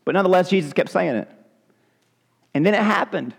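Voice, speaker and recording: Animated preaching man in a reverberant hall. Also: high-pitched, fairly quick, creaky, breathy edge. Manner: animated preaching, acting out Bible scenes. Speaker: pastor. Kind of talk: sermon. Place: church sanctuary.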